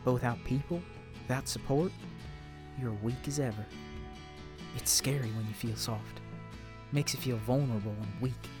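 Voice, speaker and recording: A man voicing a warm, tough mother from the American South as he reads her letter to her unborn child in a folksy, heartfelt way. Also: medium pitch, normal speed, long pauses, music in the background, close to an everyday voice. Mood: tender. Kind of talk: reading a letter aloud in character.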